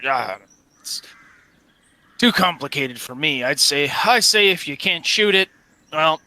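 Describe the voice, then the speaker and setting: A man's voice: on the high side, animated, bright, forceful tone, no room sound, voice pushed up, heavily acted. A man voicing a blunt, folksy mercenary. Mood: musing. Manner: halting, folksy, full of pauses. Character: weathered male mercenary, blunt and practical. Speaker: game master voicing a character. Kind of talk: tabletop role-play character voice.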